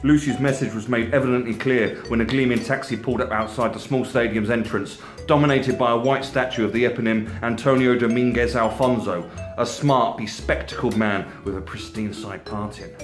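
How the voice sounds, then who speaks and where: A man reading his own comedy novel aloud in a steady, measured narration. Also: mid-range voice. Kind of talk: audiobook narration. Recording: echoey room, faint music.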